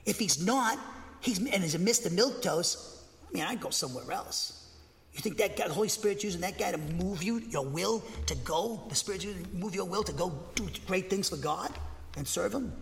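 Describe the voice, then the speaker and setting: A man preaching a sermon from a pulpit, emphatic and dogmatic, getting excited and speaking with conviction. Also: high-pitched, normal speed, gravelly, a little hiss or hum. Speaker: pastor. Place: church. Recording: long hall reverb.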